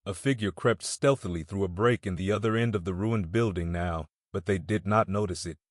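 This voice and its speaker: A man with a fairly low voice reads a classic novel aloud in a measured storytelling way. The recording is dry and close with no room sound. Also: no echo. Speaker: audiobook narrator. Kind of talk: scripted narration.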